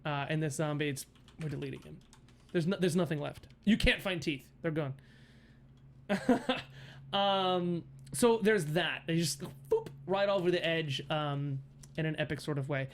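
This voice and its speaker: A male game master narrates a tabletop game on a livestream, his voice sitting a bit higher than most men's. He giggles often and rambles through ums and half-started phrases as he describes the action. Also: measured pace.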